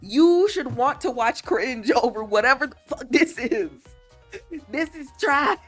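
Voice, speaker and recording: A woman's voice: high voice, slow pace, soft background music. A woman livestreamer in a casual chat, laughing often and teasing as she reads chat messages aloud and answers them. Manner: playful, teasing, animated.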